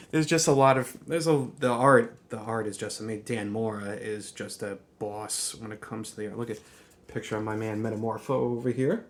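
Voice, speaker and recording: A man chatting casually in a vlog, talking warmly, restarting his sentences and laughing often. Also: fairly low pitch, moderate pace. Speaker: comic book vlogger. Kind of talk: casual chat.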